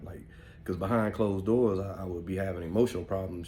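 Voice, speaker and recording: A middle-aged man with an African American Vernacular English accent tells stories in a loose, rambling way, dropping "man" and "you know" all through. His voice sits low and mellow. A faint hum of background noise runs under it. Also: fairly even intonation, fairly quick. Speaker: podcast host. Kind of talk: casual storytelling monologue.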